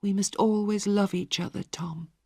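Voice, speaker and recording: A narrator voicing a young girl who pleads with her father in a high, crying voice, for an audio storybook. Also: steady tone, normal speed, vocal fry, a little mellow, breathy edge, no room sound, studio quality. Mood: tender.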